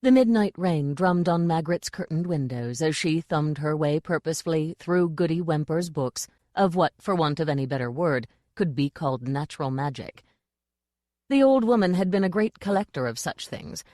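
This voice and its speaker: A woman reading a comic fantasy audiobook in an even, dry storytelling delivery on a close mic. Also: low voice, normal speed, dry recording. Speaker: audiobook narrator. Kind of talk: scripted audiobook narration.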